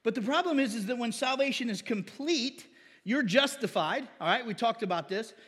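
A man's voice: extremely high pitch, animated, normal speed, a bit bright, breathy edge, long reverb tail. A man preaching as pastor, often calling for an amen from the congregation. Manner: call-and-response asking amen. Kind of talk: sermon.

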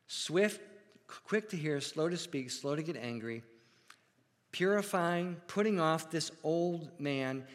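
A man preaching a sermon as pastor in a church, earnest and deliberate, asking his congregation rhetorical questions. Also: medium pitch, long reverb tail.

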